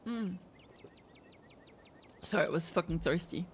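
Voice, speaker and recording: A woman's voice: lowish voice, a little slow, breathy edge. A young woman streaming a game, swearing freely and joking bluntly as she plays. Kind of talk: casual gameplay commentary. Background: game music.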